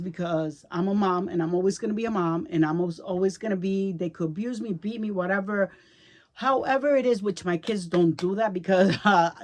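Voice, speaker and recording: A middle-aged woman talks straight to her viewers in a casual storytelling vlog. She is emotional and chatty, circling back and repeating words as she goes. Her voice sits at an ordinary middle pitch. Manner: emotional, chatty, repeats herself, checks in with "right?". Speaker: vlogger.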